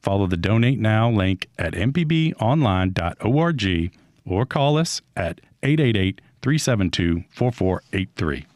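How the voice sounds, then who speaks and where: A man reading a steady, earnest fundraising appeal for a radio station. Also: on the low side, a little slow, no room sound, clean studio sound. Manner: steady, earnest, scripted delivery.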